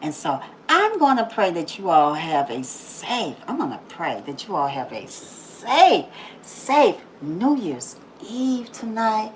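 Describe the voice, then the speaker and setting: Lively, animated woman vlogger. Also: medium pitch, a little hiss or hum, rough recording. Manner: animated, laughs often, repeats phrases for emphasis; drops to a soft, slow prayerful tone. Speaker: YouTube host giving a daily positive message. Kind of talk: casual inspirational monologue.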